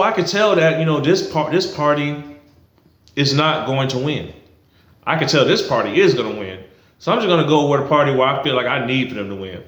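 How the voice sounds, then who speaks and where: Ranting vlogger, man, fairly high voice, profane and heated, echoey room. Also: a bit bright. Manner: heated, blunt, profane, repetitive. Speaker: political commentary vlogger. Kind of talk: ranting to camera.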